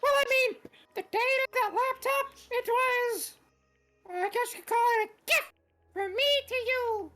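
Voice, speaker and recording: Squeaky sadistic bear mascot. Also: male voice, measured pace, sharp tone, soft background music, exaggerated voice. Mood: mocking. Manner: sing-song, mocking, gloating. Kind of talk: reading game dialogue in voices.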